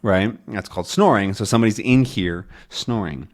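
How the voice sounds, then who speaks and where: A man's voice: lowish voice, moderate pace. A man teaching English to learners by reading a comic aloud, chatty and explaining as he goes. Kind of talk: comprehensible-input lesson, reading a comic aloud.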